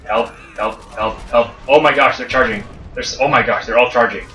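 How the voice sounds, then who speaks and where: A man's voice: mid-range voice, fairly quick, sharp tone. A young man playing a co-op shooter with friends, trading dry teasing banter and calling for help. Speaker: gamer playing co-op. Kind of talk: casual let's-play chat. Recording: roomy, distant mic, game music.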